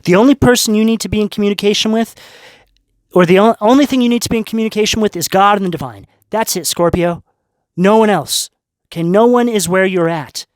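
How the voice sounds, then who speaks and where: A man doing a tarot reading for his viewers speaks a little fast in a high voice. The sound is studio quality without echo, and he talks earnestly and spiritually, regularly asking "right?" and "okay?".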